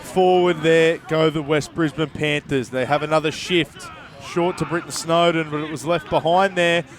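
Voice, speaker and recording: A man calls the action at a local rugby league ground, his voice sitting a little high as he runs through the play. He moves quickly between describing the game and trading jokes with his partner. Faint noise hums behind him. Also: steady tone. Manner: brisk, jokey banter with co-commentator. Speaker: play-by-play commentator. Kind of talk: live rugby league commentary. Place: outdoors at a local sports ground.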